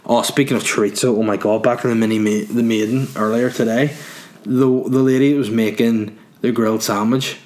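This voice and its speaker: Crude, giggly comic. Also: male voice, mid-range voice, darkish tone. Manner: crude, rambling, laughs at own jokes. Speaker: comedian answering listener questions.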